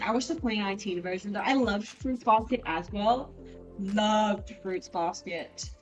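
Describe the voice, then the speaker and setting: A young woman chatting casually with her stream while studying, animated, swearing freely and jumping between tangents. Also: mid-range voice, recorded from a distance, low-quality recording. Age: young adult. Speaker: student streamer. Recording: voice a bit off mic, with music behind.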